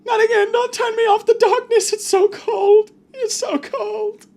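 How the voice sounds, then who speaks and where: A man's voice: little pitch movement, a little slow, gravelly, a little mellow, exaggerated voice. A man voicing a clingy, scared little toy robot boy with a London accent who pleads and whimpers tearfully. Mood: pleading. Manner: pleading, tearful, high-pitched wailing.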